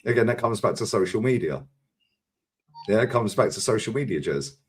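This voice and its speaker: A man's voice: on the low side, lively intonation, a little fast, breathy edge. A man co-hosting a live stream, giving opinionated, sweary banter. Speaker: stream co-host. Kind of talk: casual live-stream chat.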